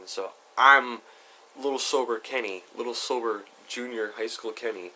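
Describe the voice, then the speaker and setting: A man's voice: mid-range voice, moderate pace, bright, forceful tone, a little hiss or hum. A young man telling a story on his vlog in a chatty, rambling way, full of asides. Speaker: YouTuber.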